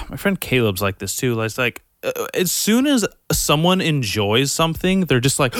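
A man's voice: mid-range voice, very animated, unhurried, fairly bright tone, no room sound, studio quality. A young man hosting a podcast, rambling and ranting in a casual monologue, swearing constantly and sounding exasperated. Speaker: podcast host.

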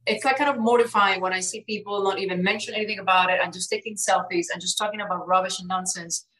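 A woman co-hosting a casual talk show, earnest and emphatic, quick to argue back. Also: medium pitch, fairly even intonation, a bit bright, low-quality recording. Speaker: co-host. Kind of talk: casual chat.

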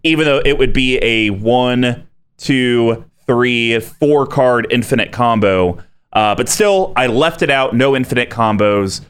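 A man in a casual conversation lays out a plan in order, one idea after another. He sounds relaxed and easygoing, with a middle-pitched voice. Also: measured pace, clean tone. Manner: relaxed, explains strategy step by step. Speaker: podcast co-host. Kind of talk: casual chat explaining deck strategy.

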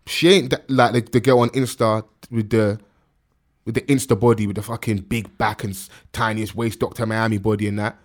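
Fast-talking man in casual chat. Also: lowish voice, steady tone. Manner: fast, heavy use of slang and fillers. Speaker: podcast co-host.

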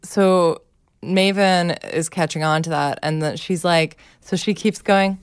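A woman's voice: low voice, steady tone, a little slow, clean tone, no room sound, clean studio sound. A woman co-hosting a casual chat, laughing often and mimicking her kids. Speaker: podcast co-host, mother.

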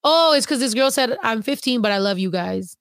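A woman's voice: on the high side, animated, a little fast, fairly bright tone, no echo, clean studio sound. A young adult woman hosting a casual livestream, reading chat comments with blunt, teasing, profane talk. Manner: blunt, swears freely, teasing.

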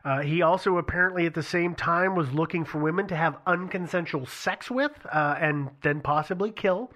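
Man, fairly high voice, bright forceful tone, casual podcast co-host, conversational storyteller. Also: moderate pace. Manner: conversational, leads the storytelling with frequent restarts. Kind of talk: casual true-crime chat.

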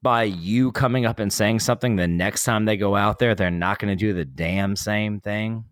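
A man's voice: lowish voice, moderate pace, no room sound. A man co-hosting a casual chat, defensive and sarcastic, swearing freely.

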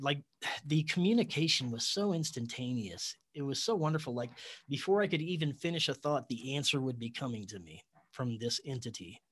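A man guest telling a long personal story in a casual interview, earnest and animated, acting out quoted dialogue and laughing now and then. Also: medium pitch.

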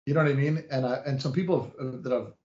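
A man's voice: mid-range voice, steady tone, fast talker, darkish tone, echoey room, highs cut off. A man hosting a casual chat, reflective and rambling with restarts.

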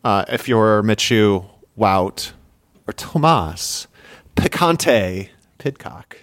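Lower-voiced man hosting, dry sound. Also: lively intonation, drawn-out words, a bit bright, dry recording. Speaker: podcast host. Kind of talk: casual chat.

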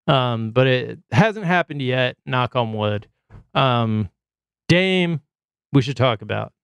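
A man's voice: mid-range voice, expressive, slow, gravelly, clear, resonant tone, dry recording. A man hosting a casual sports podcast, chatty and reeling off player stats with plenty of fillers. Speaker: podcast host.

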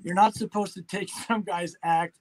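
A middle-aged man in casual chat, an animated storyteller who acts out quotes. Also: high-pitched, moderate pace, noisy background.

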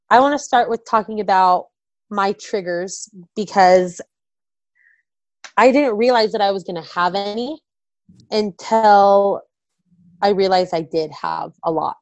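A woman's voice: mid-range voice, takes it slowly, darkish tone, no echo. A young woman candidly telling an emotional personal story, often quoting herself and her husband. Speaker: guest, wife of a recovering addict.

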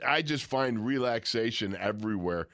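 A man's voice: lowish voice, animated, moderate pace, fairly bright tone, no echo, clean studio sound. A man in casual chat with an easygoing manner, often tacking on "man".

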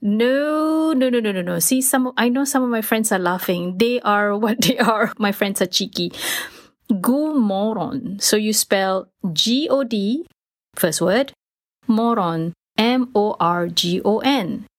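Woman, podcast host, playful and giggly, slows down to drill phrases, dry close sound. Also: mid-range voice, no echo. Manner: playful, giggly, repeats words slowly for learners. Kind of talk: casual solo podcast lesson. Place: small home studio.

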